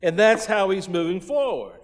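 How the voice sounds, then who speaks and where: A man's voice: high-pitched, expressive, moderate pace. A man preaching a sermon, reading scripture verses and retelling them in folksy slang. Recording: long hall reverb.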